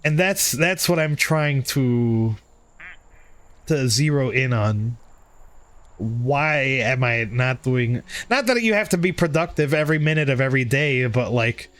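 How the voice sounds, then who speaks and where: A man's voice: mid-range voice, animated, unhurried, fairly bright tone, no room sound. Frank, swearing male streamer chatting. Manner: candid, self-critical, swears freely, chats with viewers. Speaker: livestream host. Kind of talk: casual stream chat.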